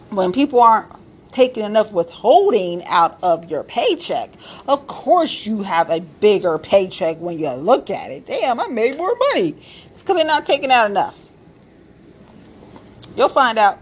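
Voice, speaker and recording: A woman's voice: medium pitch, slightly rough. A woman talking bluntly about local politics in a casual, sassy, profane rant, stressing her points and repeating them. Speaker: political commentator.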